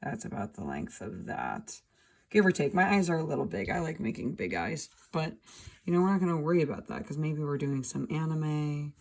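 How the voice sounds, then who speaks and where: A woman's voice: deep voice, brisk, darkish tone. A woman teaching a drawing lesson, talking through each step as she draws. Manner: talking while drawing, thinking aloud. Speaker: art teacher. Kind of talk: drawing demonstration.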